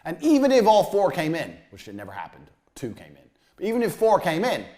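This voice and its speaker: Brief: aggressive, swearing business coach, a man with a slightly high voice, hammering points home and dropping to low asides. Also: huge pitch swings, a little fast. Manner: blunt, aggressive, swears constantly; swings between loud jabs and low muttered asides. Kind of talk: profane motivational lecture.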